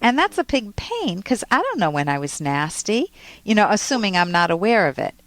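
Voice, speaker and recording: A woman's voice: mid-range voice, big pitch swings, brisk, fairly bright tone, no echo. A woman who hosts a psychology call-in show, coaching a caller with emphatic role-played lines. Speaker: radio call-in host, psychologist.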